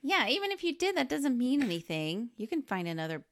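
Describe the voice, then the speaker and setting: A woman co-hosting a podcast in casual chat, reacting quickly with wry asides. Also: high voice, very animated. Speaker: podcast co-host.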